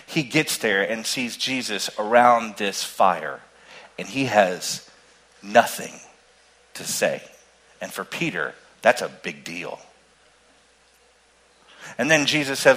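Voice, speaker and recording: Animated preacher with a bright voice. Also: male voice, fairly low pitch, slow pace, pauses often, low-quality recording. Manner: animated storytelling, swings from loud emphasis to hushed tones. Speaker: pastor. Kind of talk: sermon.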